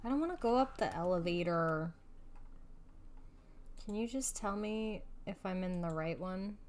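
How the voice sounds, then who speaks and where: Young woman streamer, unhurried chatty talk, giggles a lot, baby-talks her cat. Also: fairly low pitch, darkish tone, slight background noise. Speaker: streamer playing a video game. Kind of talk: casual live-stream chat.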